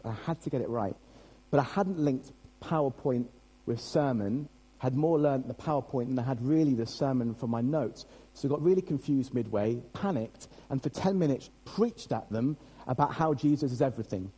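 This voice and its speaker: Chatty British pastor, mellow husky voice. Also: male voice, mid-range voice, low-quality recording. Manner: chatty, self-deprecating, jokes with the congregation. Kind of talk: sermon.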